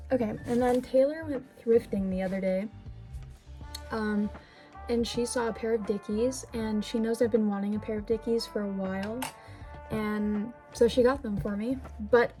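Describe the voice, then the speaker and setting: A woman's voice: a little high, mellow, low-quality recording. A young woman vlogging at home, unboxing gifts in a gushing, chatty way with lots of fillers and little apologies. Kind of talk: casual vlog unboxing. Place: indoors at home.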